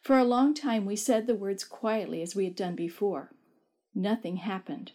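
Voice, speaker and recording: A woman narrating a first-person story in a measured, expressive reading voice. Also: medium pitch. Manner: measured, expressive reading that lifts her voice for shouted quotes.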